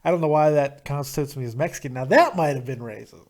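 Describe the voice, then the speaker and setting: With a fairly high, sing-song voice and a fairly quick delivery, this Nevada man runs a call-in wrestling show. He rants about the matches crudely and sarcastically, cursing freely.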